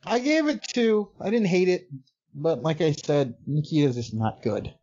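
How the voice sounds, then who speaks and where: A man's voice: fairly high pitch, expressive, measured pace, darkish tone, muffled recording. A man co-hosting a casual podcast, speaking bluntly with joking asides. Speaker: podcast co-host. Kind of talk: casual chat.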